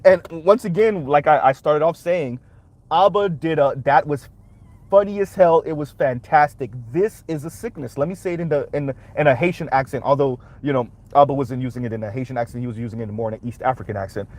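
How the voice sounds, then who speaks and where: Male commentary host, emphatic, rhetorical, slightly high voice. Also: brisk, a little mellow. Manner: emphatic, rhetorical, keeps asking "right?". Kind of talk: reaction commentary.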